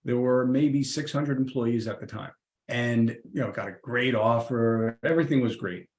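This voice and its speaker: Middle-aged man, lively storyteller, mid-pitched voice, roomy echo on the track. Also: moderate pace. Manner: lively, acts out the people in his stories. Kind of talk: casual anecdotal storytelling. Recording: roomy echoey room.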